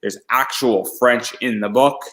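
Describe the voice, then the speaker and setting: A man's voice: mid-range voice, fairly even intonation, measured pace, fairly bright tone, poor audio. A man from the United States hosting a casual interview, chatty and self-deprecating, often restarting his sentences. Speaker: podcast host.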